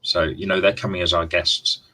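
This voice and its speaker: A man's voice: sits low, level tone, moderate pace, sharp tone, low-quality recording. A man hosting a live stream, chatting casually to viewers in a rambling way and often restarting his words. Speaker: livestream host.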